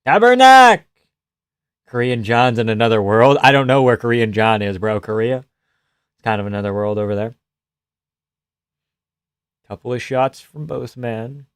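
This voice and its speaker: A man calls a fight live on a stream, cracking profane jokes, laughing often and shouting at big shots. His voice sits at an ordinary middle pitch, and it sounds dry and close, with almost no room around it. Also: steady tone, moderate pace, long pauses, clean tone, dry recording. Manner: reacts loudly to big shots. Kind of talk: casual live fight reaction commentary.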